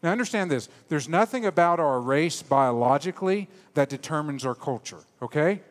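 A man preaching a sermon in a church, animated and joking, then dropping to quiet, low emphasis. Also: normal speed, big-room sound. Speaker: pastor. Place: church sanctuary.

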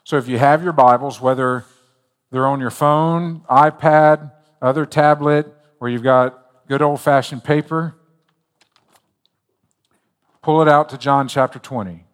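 Joking pastor preaching in a reverberant hall. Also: male voice, mid-range voice, fairly even intonation, measured pace, long pauses. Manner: conversational, joking storyteller. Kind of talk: sermon.

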